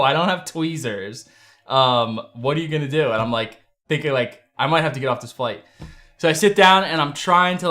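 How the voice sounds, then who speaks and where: A young adult man hosting a casual livestream from his desk, telling a story in an animated, profane way. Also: a little high. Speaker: livestream host. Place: home desk.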